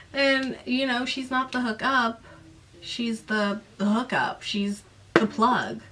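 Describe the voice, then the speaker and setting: A woman casually recapping a novel in a chatty, sarcastic way, acting out the characters' lines with jumps in pitch. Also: unhurried, a bit bright, distant mic, a little hiss or hum. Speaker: book recap vlogger.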